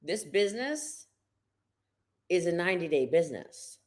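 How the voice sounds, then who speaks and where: A woman's voice: fairly low pitch, big pitch swings, a little slow. A woman coaching viewers on a live stream, blunt and emphatic, hammering her points home with repetition. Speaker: business coach.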